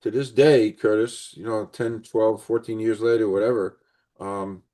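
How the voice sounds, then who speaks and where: A man's voice: on the low side, fairly even intonation, a little slow, dark tone. An older man hosting an interview, telling a long personal story in an earnest, rambling way. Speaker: podcast host.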